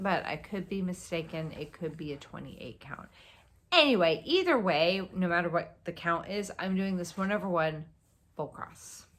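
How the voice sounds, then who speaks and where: A woman vlogger chatting casually about her stitching projects, rambling and excitable, tired and yawning at times. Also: lowish voice. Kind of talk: casual show-and-tell chat.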